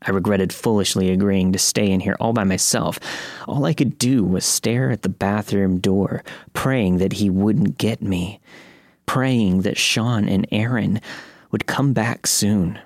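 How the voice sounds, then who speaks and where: A man narrating a first-person horror story in a steady, measured reading. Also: lowish voice, dry recording, clean studio sound.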